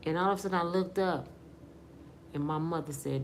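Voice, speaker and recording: Middle-aged woman from michigan telling her story, low voice, real emotional and chatty. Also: fairly quick, a little hiss or hum. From Michigan, USA. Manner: earnest, emotional, conversational with casual grammar. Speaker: woman sharing her testimony. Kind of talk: personal testimony storytelling.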